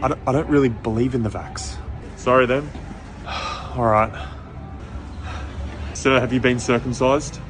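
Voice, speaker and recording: Man playing a deadpan pushy security guard. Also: medium pitch, measured pace, long pauses, over music, lightly acted. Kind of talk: comedy sketch acting.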